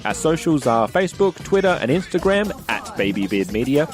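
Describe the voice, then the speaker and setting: A man's voice: fairly high pitch, big pitch swings, brisk, soft background music. A man co-hosting a casual comedy podcast, joking with friends and reading the outro. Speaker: podcast co-host. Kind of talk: casual chat and show outro.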